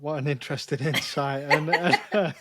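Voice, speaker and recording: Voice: mid-range voice, fairly even intonation, moderate pace, very noisy. A podcast host with a Lancashire accent, reacting in an upbeat way and asking questions in a casual interview.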